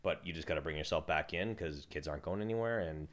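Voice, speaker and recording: A man's voice: a bass voice, quick pace. A young father in casual podcast chat, easygoing and rambling, often restarting his sentences. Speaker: co-host, father.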